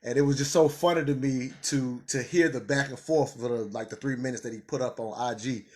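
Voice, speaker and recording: A man hosting a casual commentary show, talking in an animated way, laughing and repeating words when he gets excited. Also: medium pitch, fairly quick. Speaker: commentary channel host.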